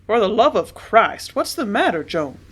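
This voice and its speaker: A woman reading an audiobook and voicing a stern, gruff sea-captain father who scolds his child. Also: mid-range voice, very animated, moderate pace, a bit bright, pitched above the performer's own voice. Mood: alarmed.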